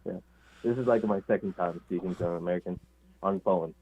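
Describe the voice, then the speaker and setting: A man's voice: low-pitched, fairly quick, a little mellow, slightly rough. Eager young man on a tinny phone line. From Mexico. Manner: eager, laughing, modest. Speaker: caller. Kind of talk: phone call-in chat.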